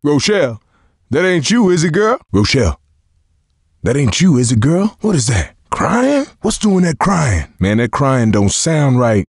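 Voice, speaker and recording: A big, gruff middle-aged survivor in a video game, blunt and folksy in his talk. His pitch moves a lot as he speaks. The recording is close and dry. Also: very animated, measured pace, no room sound, full character voice. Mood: uneasy. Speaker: game character.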